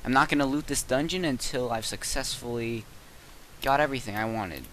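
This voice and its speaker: A teenage boy giving casual gameplay commentary at his computer, cursing and yelling in sudden frustrated outbursts. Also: medium pitch, a little fast, a little hiss or hum, rough recording. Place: bedroom at a computer.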